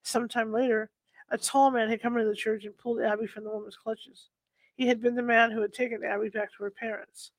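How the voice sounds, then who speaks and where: A man reading ghost stories aloud at a steady pace, now and then stumbling and correcting himself. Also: high-pitched, brisk, no room sound, poor audio. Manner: steady reading with occasional slips and self-corrections. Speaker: storyteller.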